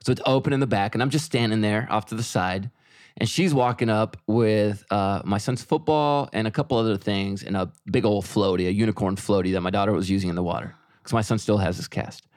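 A man's voice: on the low side, fairly quick, a little mellow, no room sound, clean studio sound. A middle-aged man co-hosting a podcast, telling a story in casual chat and quoting himself and his wife. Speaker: podcast co-host.

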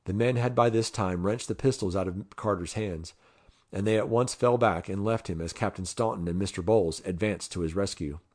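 A man narrating an adventure novel in a measured way, lifting his voice for the dialogue. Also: darkish tone. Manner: measured, voices characters with raised pitch. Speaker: audiobook reader.

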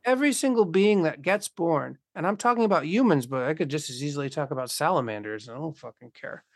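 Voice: medium pitch, lively intonation, quick pace, no echo. Blunt, swearing speaker, dry close sound. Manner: blunt, profane and philosophical, acts out imagined voices. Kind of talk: casual conversation.

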